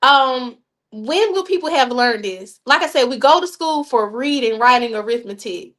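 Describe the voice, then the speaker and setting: A woman with a high voice chats as a podcast guest. She talks in an animated, laughing way, tossing folksy asides to the listeners. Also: normal speed. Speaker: youth program leader, guest. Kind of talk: casual podcast chat.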